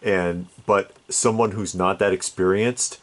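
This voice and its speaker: A man with a very low voice talks through things in a measured, deliberate way. He keeps an easygoing, casual-chat tone. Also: steady tone, a bit bright. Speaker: co-host, toy collector.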